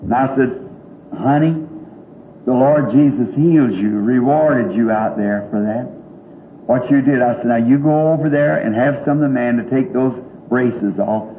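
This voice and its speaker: A man's voice: mid-range voice, moderate pace. An older man preaching a sermon, telling stories in a folksy, rambling way and chuckling often. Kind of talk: sermon storytelling. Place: large church hall. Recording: tinny old recording in an echoey hall with faint hiss.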